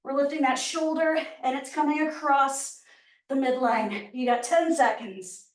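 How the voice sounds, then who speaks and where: A woman's voice: sits high, a little slow. A woman fitness instructor leading a workout class, cueing moves and counting down reps while out of breath. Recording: echoey room, voice from far off mic.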